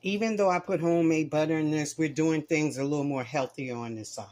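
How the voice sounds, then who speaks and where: A woman hosting a casual cooking vlog in her home kitchen, chatting to viewers as she cooks and tastes, sometimes dropping to soft murmurs over the food. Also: sits low, brisk. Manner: chatty, talks to viewers while cooking and tasting. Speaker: home cook and channel host.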